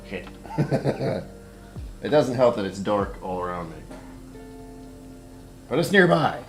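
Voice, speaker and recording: Low-voiced man rambling on a livestream. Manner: rambling, talks to himself, chuckles often. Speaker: whiskey-tasting livestream host. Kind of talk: casual livestream chat. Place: at home in his apartment.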